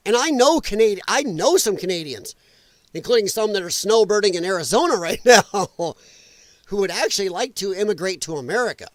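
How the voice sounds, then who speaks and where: Man, livestream political host, rambling, sarcastic, swooping pitch, dry recording. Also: lively intonation, fairly quick, no room sound. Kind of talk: casual live political commentary.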